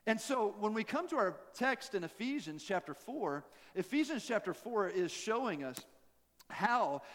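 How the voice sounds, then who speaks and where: A man with a high, light voice preaches a sermon in a folksy, joking way, full of self-deprecating asides. His words ring out with the long reverb of a church hall. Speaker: pastor.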